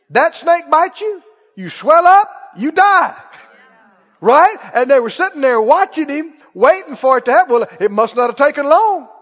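A male preacher delivering a sermon, exhorting and quizzing his congregation. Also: extremely high pitch. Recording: dull lo-fi, echoey hall.

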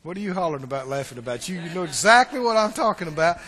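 High-voiced preacher in a reverberant hall. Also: male voice, very animated, rapid-fire, slight background noise. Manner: storytelling preacher, swings between loud and hushed. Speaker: pastor. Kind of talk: sermon.

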